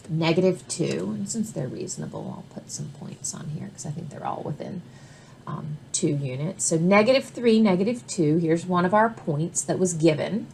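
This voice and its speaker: A woman's voice: fairly low pitch, a little hiss or hum. A woman recording a math lesson, explaining step by step with patient "all right?" check-ins. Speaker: math instructor.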